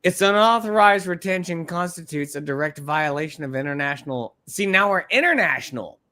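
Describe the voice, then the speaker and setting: A man co-hosting a casual live podcast, reading a document aloud and breaking in with animated, swearing asides. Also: a little high, a little fast. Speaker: podcast co-host.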